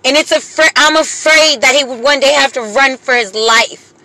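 A woman's voice: high voice, bright, forceful tone, no echo, rough recording. A single mother speaking in an impassioned, pleading monologue, swearing often and close to tears at times. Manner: impassioned, pleading, profane, slow deliberate emphasis. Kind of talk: emotional monologue to camera.

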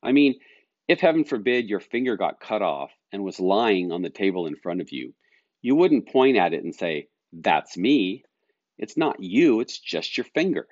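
A middle-aged man hosting a solo podcast as a life coach, explaining calmly and earnestly with everyday examples. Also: on the low side, normal speed, dry recording, muffled recording.

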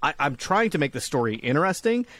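A man's voice: on the high side, sing-song, fast, fairly bright tone, dry recording. A man co-hosting a casual podcast, telling stories in a rambling, profane way and acting out the people in them. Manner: rambling, profane storytelling with acted-out quotes. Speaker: podcast co-host. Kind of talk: casual chat.

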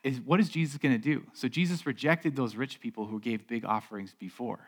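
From a church stage, a male pastor gives a sermon in a mid-range, slightly rough voice at a somewhat quick pace. His delivery is loose and chatty, with frequent restarts and repeated words, and he keeps pulling the congregation in with rhetorical questions.

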